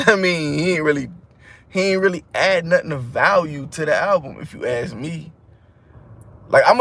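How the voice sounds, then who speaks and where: A man's voice: on the high side, fairly bright tone. A man giving a casual, rambling music review monologue, full of slang, restarts and fillers.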